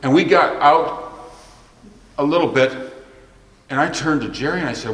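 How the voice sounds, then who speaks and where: A man's voice: fairly high pitch, moderate pace, pauses often, fairly bright tone. A man preaching a sermon, telling stories and quoting scripture, sometimes dropping his voice to a near whisper. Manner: storytelling, drops to a near whisper at times. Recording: echoey hall with long reverb.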